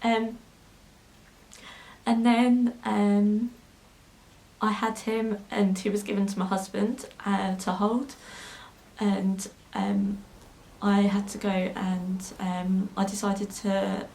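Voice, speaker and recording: A woman's voice: medium pitch, level tone, takes it slowly, a little mellow, poor audio. A young woman telling a personal story to camera in a sewing vlog, hesitant and full of ums, at times emotional. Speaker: sewing vlogger.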